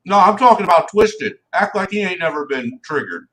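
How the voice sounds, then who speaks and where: A man's voice: high voice, animated, a little fast, fairly bright tone. A man joining a casual livestream as a guest, joking brashly. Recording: distant mic with faint noise.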